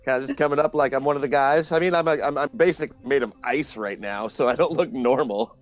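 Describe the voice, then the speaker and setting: A man's voice: mid-range voice, a little fast, soft background music. A man playing a tabletop role-playing game, talking in a playful, joking way. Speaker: player.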